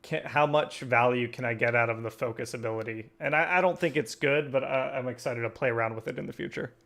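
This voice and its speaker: A man's voice: mid-range voice, quick pace, vocal fry, a bit bright. Agreeable young man chatting about cards. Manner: agreeable, uses many fillers and backchannels. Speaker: host. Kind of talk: casual chat about a card game.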